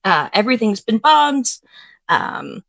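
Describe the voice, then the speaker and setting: A woman co-hosting a casual commentary podcast, recapping facts in a relaxed way with many ums. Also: fairly high pitch, unhurried, vocal fry, dry recording. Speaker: podcast co-host.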